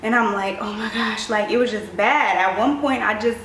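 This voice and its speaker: A young woman telling a storytime vlog, animated and acting out what people said. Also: mid-range voice, moderate pace, echoey room, distant mic, a little hiss or hum, low-quality recording. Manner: animated storytelling, acts out quoted voices. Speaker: vlogger.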